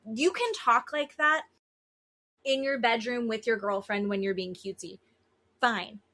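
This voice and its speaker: An unhurried woman with a voice on the high side co-hosts a podcast. In casual talk she is blunt, swears freely and brings the people she discusses to life by mimicking their words.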